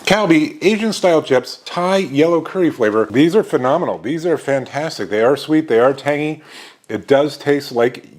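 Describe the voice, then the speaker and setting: Tasting chips for his snack review show, a man gives upbeat, enthusiastic descriptions sprinkled with fillers. His expressive voice sits on the high side, at a moderate pace.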